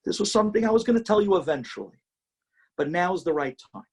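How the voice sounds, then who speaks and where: A man voicing a gentle, selfless blind husband in a soft, tender, lower voice. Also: expressive, fast, slightly rough, exaggerated voice. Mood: confessing.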